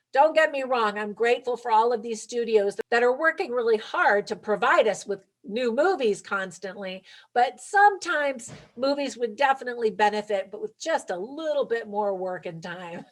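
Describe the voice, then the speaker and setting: A chatty woman in a mid-range voice gives her casual take on a film. She sounds upbeat and talks right to the viewer, laughing lightly now and then. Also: mid-range voice. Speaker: movie reviewer. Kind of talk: casual movie review vlog.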